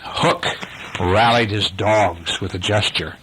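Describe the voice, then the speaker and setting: A man's voice: on the low side, takes it slowly, background noise. An older man reading a bedtime story aloud to a child, with casual asides to the listener.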